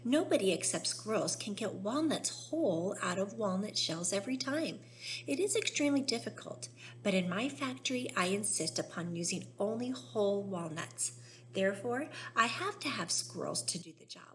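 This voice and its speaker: Excitable quirky candy-maker guy explaining away, a woman reading him. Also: medium pitch, moderate pace, slight background noise, close to an everyday voice. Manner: eager, explaining.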